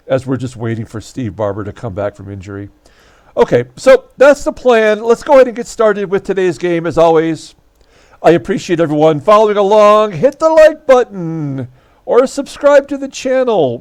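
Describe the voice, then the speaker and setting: Chatty man hosting a tabletop baseball game. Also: a little hiss or hum. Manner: chatty, wry, frequent fillers, animated pitch jumps. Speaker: channel host running a tabletop baseball replay. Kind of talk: casual solo commentary.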